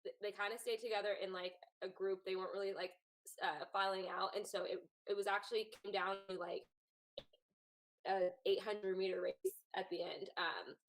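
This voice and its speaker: A woman's voice: mid-range voice, level tone, normal speed. A woman hosting a casual sports chat, talking in a loose, chatty way with many fillers. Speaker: host.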